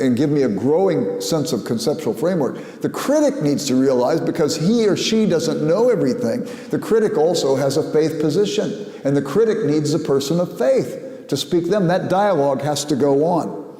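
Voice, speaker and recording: An older man giving an academic lecture in a measured, reflective way, with personal anecdotes. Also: fairly high pitch, mellow. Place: lecture hall. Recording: echoey hall.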